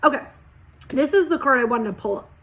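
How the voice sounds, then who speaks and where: Young woman, fairly high voice, passionate, blunt, swears a lot, card reading. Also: lively intonation, brisk, a bit bright. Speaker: tarot reader. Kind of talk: casual oracle card reading.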